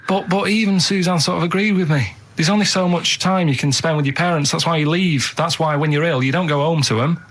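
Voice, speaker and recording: A man in his thirties chatting on a radio show, telling stories in a blunt, deadpan way. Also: fairly high pitch, brisk, hardly any pauses. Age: 30s. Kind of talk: casual chat.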